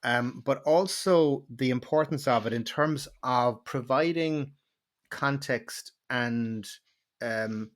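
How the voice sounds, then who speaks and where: A man's voice: mid-range voice, takes it slowly. Rambling male podcast host. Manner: rambling, repeats words while searching for phrasing. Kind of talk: conversational interview.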